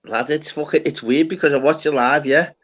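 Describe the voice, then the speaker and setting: A man's voice: on the high side, steady tone, fairly quick, a bit bright. A man with a Scouse accent, chatting casually and swearing freely on a live stream. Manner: swearing, banter-heavy. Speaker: stream host. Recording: slightly dull lo-fi audio.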